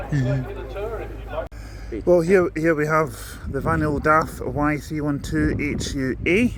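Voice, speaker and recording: A man's voice: on the high side, slow. A man filming a vintage bus rally, chatting casually and reading out bus registration plates one by one. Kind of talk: casual commentary while filming. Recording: outdoor noise with passing vehicles.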